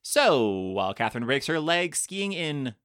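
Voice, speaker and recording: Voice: medium pitch, sing-song, a little slow, fairly bright tone, no room sound, studio quality. A podcast co-host summing up a film plot in casual, joking chat, full of restarts and filler words. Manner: chatty, jokey, many restarts and "like".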